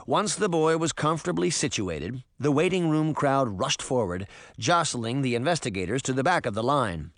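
A man narrating a story as an audiobook, with expressive storytelling. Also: fairly high pitch, no echo, clean studio sound.

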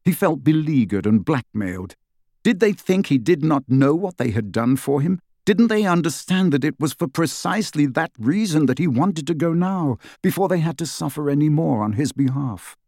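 A man narrating an audiobook with expressive storytelling on a close studio mic. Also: fairly high pitch, moderate pace, no echo. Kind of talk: scripted narration.

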